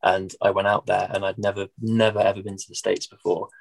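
A man's voice: low-pitched, flat delivery, a little fast, gravelly. A young English man with a Midlands accent, a musician chatting casually in an interview with lots of fillers and restarts. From England.

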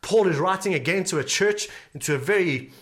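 A man's voice: sits high, expressive, fairly quick, fairly bright tone. A male pastor preaching a sermon earnestly, repeating key phrases for emphasis.

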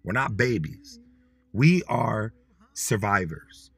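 A man hosting a podcast, teaching Dakota words in a casual, motivational way. He talks bluntly and in slang, and repeats words slowly for listeners to say along. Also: fairly low pitch, expressive, creaky, fairly bright tone, slightly rough, no echo.

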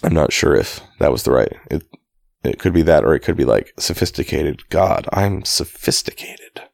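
A man's voice: a bass voice, animated, a little fast, creaky, a little mellow, no echo. A man reading a novel aloud in a dry, casual way, fixing slips and breaking off for chatty asides. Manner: dry, self-correcting, stops to comment on his own reading. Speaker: reader of a novel.

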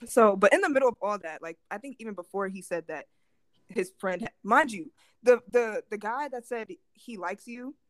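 A young woman co-hosting a podcast, telling a story in a casual, animated way and acting out what people said. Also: medium pitch, moderate pace, no echo. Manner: animated storytelling with lots of acted-out quotes. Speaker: podcast co-host.

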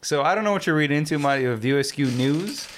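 A man's voice: a little high, expressive, quick pace. Regular guy chatting about a movie, rambly, jokey, swears a lot. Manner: rambling, joking, lots of fillers and swearing. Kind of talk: casual chat, film review.

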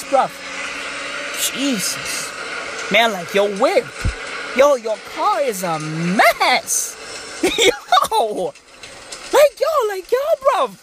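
A woman's voice: medium pitch, background noise. A young woman doing a comedic character monologue, ranting to herself in profane slang.

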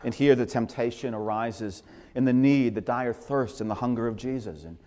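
Impassioned preacher in a reverberant hall. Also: male voice, mid-range voice, moderate pace, dark tone. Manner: impassioned, repeating phrases for emphasis. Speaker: pastor. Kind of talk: sermon.

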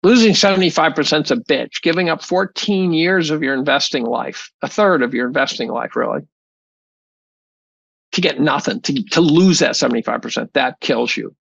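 A gravelly man with a slightly high voice talks through an interview bluntly, swearing and restarting his sentences as he goes. The sound is dull and dry. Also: moderate pace, a bit bright, dry recording. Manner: blunt, profane, rambling with many restarts. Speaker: guest, chemistry professor. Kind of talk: casual interview talk.

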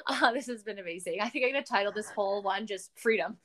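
A Canadian woman hosting a podcast, chatting casually in an animated, ranting way and swearing often. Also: medium pitch, fast talker, hardly any pauses, background noise. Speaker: podcast host.

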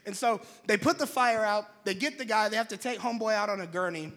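Young guy, pastor, telling a funny story, high bright voice, acts out the yelling. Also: a little fast. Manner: lively, jokey, acts out his own shouts. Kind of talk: animated storytelling to an audience.

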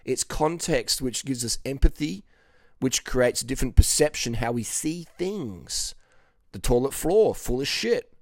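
A man's voice: mid-range voice, animated, measured pace, darkish tone, no room sound, studio quality. A middle-aged man from Western Australia, a coach talking bluntly and profanely, often asking "okay?". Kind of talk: casual monologue to camera.

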